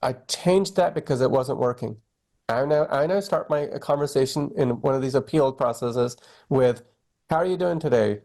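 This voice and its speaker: Middle-aged male doctor guest, candid, conversational, lively storytelling. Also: medium pitch, moderate pace. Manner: candid, animated storytelling with quoted dialogue. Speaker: oncologist guest. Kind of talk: conversational interview.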